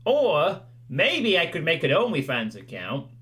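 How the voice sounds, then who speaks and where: Rambling male streamer, bright voice. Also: fairly high pitch, huge pitch swings, a little slow. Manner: rambling, self-deprecating, with frequent "you know"s. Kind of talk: casual chat with a livestream audience.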